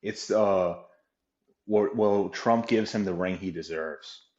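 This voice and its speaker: Stammering young man, deep muffled voice. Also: a little mellow. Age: 20s. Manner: halting, stammering, uses slang. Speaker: caller. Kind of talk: call-in chat.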